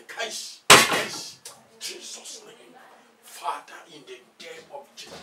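A Ghanaian man acting a pastor husband in a comedy skit, exclaiming loudly and muttering quick prayers. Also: a little high, lively intonation. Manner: loud exclaiming, switching to rapid muttered prayer. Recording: echoey room, distant mic, faint noise.

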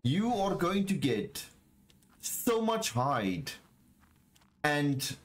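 An excitable man gives live commentary while streaming a game, talking straight to his chat. His voice swings widely, dropping to low murmurs and leaping to high, excited shouts. He often repeats a phrase several times. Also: extremely slow. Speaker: gaming streamer.

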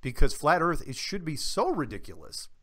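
A man talking as a guest on a radio interview, telling animated stories with many restarts. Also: on the high side, moderate pace. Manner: animated storyteller, frequent restarts. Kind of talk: casual radio interview chat.

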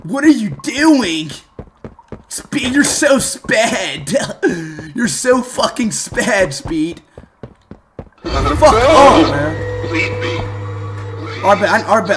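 Male streamer for live gameplay commentary: explosive, swearing rants, animated pitch, faint music bed. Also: slow pace, long pauses. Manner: loud, profane, swings between muttering and shouting.

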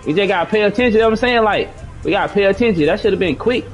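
Slangy gamer man, lively pitch. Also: racing, soft background music, a faint crowd. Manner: coaching and scolding teammates, slangy and profane. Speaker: gaming streamer. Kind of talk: live gameplay chat with teammates.

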